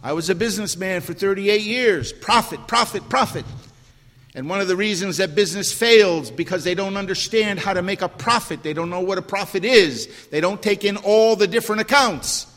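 A man's voice: high voice, brisk, few pauses, a bit bright. An older man preaching a sermon, emphatic, repeating key words and asking the congregation questions. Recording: long hall reverb.

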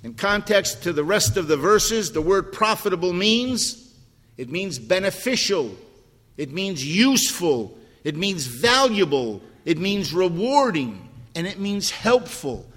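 A man's voice: high voice, sing-song, unhurried, a bit bright. An older man preaching a sermon, emphatic, repeating key words and asking the congregation questions. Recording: long hall reverb.

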